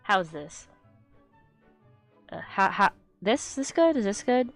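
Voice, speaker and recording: A woman chatting casually on a live stream, rambling and excitable, swearing freely and getting loud when worked up. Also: medium pitch, takes it slowly, faint music behind. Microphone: desk microphone she adjusts.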